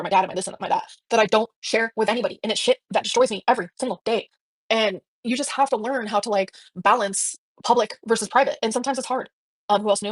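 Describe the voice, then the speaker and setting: Fast-talking young woman ranting on stream. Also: mid-range voice, no echo. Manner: fast, emotional, swearing, lots of likes and restarts. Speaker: live streamer. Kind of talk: emotional live stream rant.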